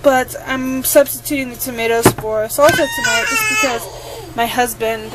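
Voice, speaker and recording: Chatty high-voiced woman cooking at home. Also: lively intonation, normal speed, heavy background noise. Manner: chatty, with frequent ums. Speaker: home cook. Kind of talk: casual cooking tutorial.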